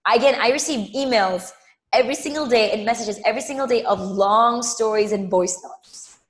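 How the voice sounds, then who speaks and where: A woman's voice: on the high side, normal speed. Emphatic woman coaching live, echoey room. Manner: emphatic, repeats phrases for effect; addresses viewers directly by name. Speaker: money mindset coach.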